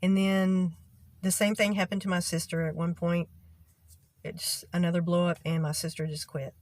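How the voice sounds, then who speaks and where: A woman's voice: fairly low pitch, darkish tone, dry recording. A middle-aged woman casually telling a story about a bad boss to her viewers, acting out what people said in an exasperated way. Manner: exasperated, acts out quoted voices. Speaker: vlogger telling a work story.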